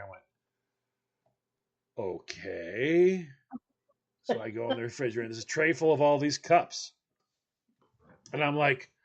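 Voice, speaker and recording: A man co-hosting a casual chat show, telling a comic story and acting out the other people in it. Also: fairly high pitch. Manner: animated, acts out quoted voices. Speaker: podcast co-host.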